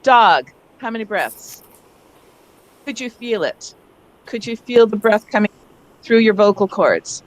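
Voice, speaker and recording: A woman leading an online teacher workshop over a video call, animated and demonstrating sounds herself. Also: a little high, a little slow, long pauses. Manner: animated, acts out calling for help. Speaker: teacher trainer.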